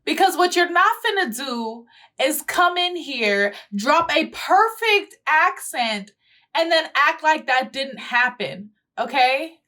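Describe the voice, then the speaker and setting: Woman host, casual reaction commentary, blunt and profane, slightly high voice. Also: lively intonation, a little slow, sharp tone. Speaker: YouTube host.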